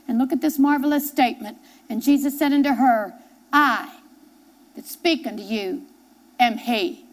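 A woman's voice: high-pitched, animated, moderate pace. A woman pastor preaching a sermon, reading scripture aloud and driving points home with repetition and questions to the congregation. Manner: emphatic, repeats key phrases, asks the congregation questions.

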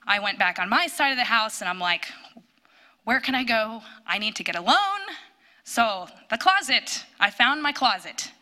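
A woman telling a personal testimony in church, storytelling with animated bursts when quoting. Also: on the high side. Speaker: church speaker sharing a testimony.

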